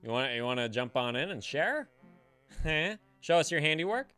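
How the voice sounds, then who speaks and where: A man's voice: a little high, sing-song, normal speed, sharp tone, soft background music. A man hosting a live stream, chatting casually with his viewers, swearing freely and laughing often. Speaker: livestream host.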